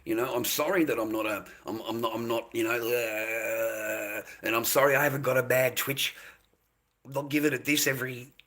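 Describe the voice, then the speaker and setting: An older man chats to his livestream audience, rambling and circling back on his own words. His voice is husky, and he drifts between loud bursts and low mutters. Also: steady tone, normal speed. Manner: rambling, repeats himself, calls viewers mate and boys.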